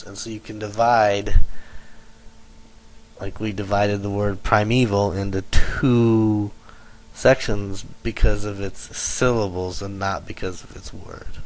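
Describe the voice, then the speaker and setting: A man's voice: fairly low pitch, steady tone, slow, a little mellow, rough recording. A male teacher giving a lesson, explaining step by step and correcting himself as he goes. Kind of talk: lecture over slides.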